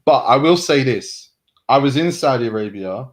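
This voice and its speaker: An English man hosts a loose football banter show in an animated way, tossing in swear words and side remarks. His voice sits at a middling pitch for a man. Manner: animated, swearing, quick asides. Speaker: host. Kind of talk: casual banter.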